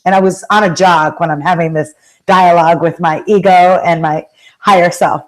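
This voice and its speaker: A woman giving a motivational talk, telling stories with lively acted-out quotes and direct questions to the audience. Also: on the low side, moderate pace, rough recording. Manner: animated storytelling, acts out quoted voices. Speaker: motivational speaker and life coach.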